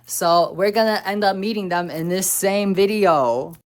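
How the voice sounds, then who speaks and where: A young woman vlogging in a casual, rambling way, full of fillers and the odd swear word, who gets soft and quiet when she opens up. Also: a little slow. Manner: drops to a soft, low voice when talking about her fears. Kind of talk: casual chatty vlog talk.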